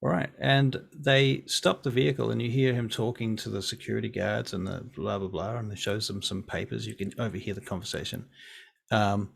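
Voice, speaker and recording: A man's voice: lowish voice, fairly even intonation, brisk, vocal fry. A man, running a tabletop game as game master in a casual, playful way. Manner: casual, playful, with filler words.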